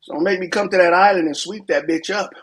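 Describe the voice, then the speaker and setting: An American man with a high, husky voice trash-talks and goads the others without letup. He speaks in a heated, mocking casual argument. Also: fast. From United States. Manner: taunting, trash-talking. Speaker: host.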